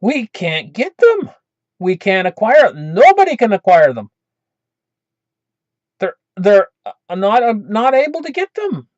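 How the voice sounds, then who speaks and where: A man's voice: high voice, wildly swooping pitch, slow pace, pauses often, dry recording, pitched above the performer's own voice, full character voice. A man voicing a hesitant silver dealer who stumbles over fillers while making excuses, in a dull lo-fi recording. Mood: apologetic.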